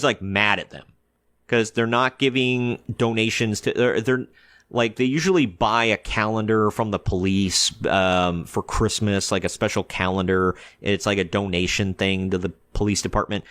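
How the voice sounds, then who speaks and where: A man giving casual film commentary as a reviewer, ranting in an animated, exasperated way with lots of fillers. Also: fairly low pitch, no room sound. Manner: acts out quoted characters in short bursts. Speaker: movie reviewer.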